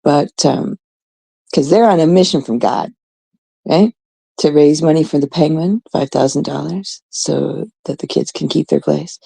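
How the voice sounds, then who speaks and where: A woman's voice: sits low, a little slow, creaky, warm tone, breathy edge, rough recording. A woman in her thirties, a host from Canada, telling a rambling, casual story full of swearing and quoted voices. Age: 30s.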